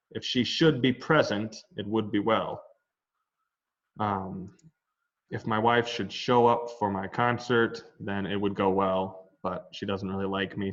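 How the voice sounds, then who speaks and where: A man's voice: on the low side, steady tone, measured pace, a bit bright. A man teaching a Latin grammar lesson in an online class, explaining in a loose conversational way with asides. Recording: dull lo-fi online class audio.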